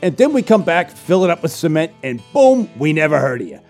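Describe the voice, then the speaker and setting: A man putting on a shady excavation company owner in a loud, pushy mock radio ad. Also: very animated, fairly quick, faint music behind. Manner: loud, pushy sales pitch.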